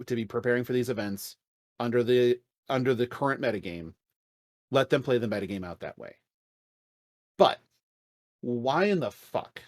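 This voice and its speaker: A man's voice: medium pitch, dry recording, studio quality. A man co-hosting a casual podcast, ranting in a blunt, exasperated way with frequent swearing. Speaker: podcast co-host. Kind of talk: casual chat.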